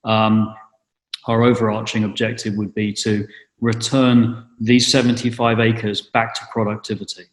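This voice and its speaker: A man's voice: fairly low pitch, little pitch movement, unhurried. A middle-aged man from England, giving an interview and talking hesitantly, with many fillers and restarts. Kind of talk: casual interview. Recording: roomy echo.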